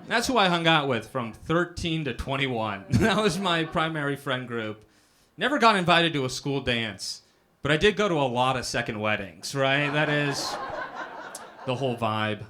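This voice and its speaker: A man's voice: medium pitch, lively intonation, normal speed, bright, forceful tone, a little hiss or hum. A young man doing a self-deprecating stand-up set, often asking "right?" after his punchlines. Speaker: stand-up comedian. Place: comedy club stage with a live audience.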